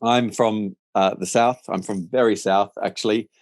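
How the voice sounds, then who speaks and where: A man with an Australian accent softened by years in England, hosting a business webinar in a chatty, upbeat way with many fillers. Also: on the low side, steady tone, moderate pace. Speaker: managing director and webinar host. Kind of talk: casual webinar presentation.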